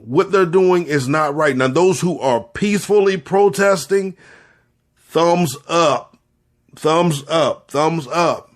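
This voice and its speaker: This podcast host, also a spiritual leader, speaks in a highish voice. His commentary is earnest and impassioned in a preacher's style, with repeated phrases for emphasis and tears held in check.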